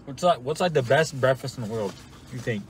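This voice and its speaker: A man's voice: mid-range voice, lively intonation, a little fast, a little hiss or hum. A young man co-hosting a casual food review in a parked car, easygoing and rambling, often laughing. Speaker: podcast co-host doing a food review. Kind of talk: casual chat while eating.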